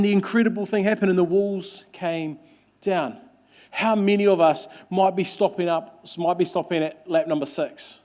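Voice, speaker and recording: A young man preaching a sermon, earnest and emphatic, with lots of repetition and quick restarts. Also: high-pitched, darkish tone. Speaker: pastor.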